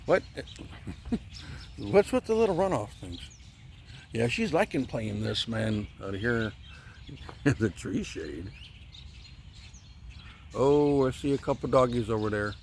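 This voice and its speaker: A man casually vlogging on a riverside walk with his dog, chatting to viewers and cooing to the dog, sometimes hushed. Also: lowish voice, lively intonation, unhurried, long pauses, a little hiss or hum. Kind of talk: casual walking vlog. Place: outdoors on a riverside trail. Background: faint birds and outdoor ambience.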